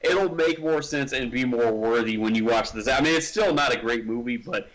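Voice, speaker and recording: A man's voice: mid-range voice, normal speed, a bit bright, poor audio. A man co-hosting a casual horror movie podcast, rambling with many restarts. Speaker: podcast co-host.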